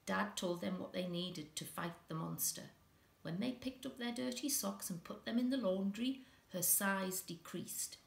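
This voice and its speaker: A woman reading a children's story aloud with an expressive, dramatic delivery, in an echoey room. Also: mid-range voice, unhurried, gravelly.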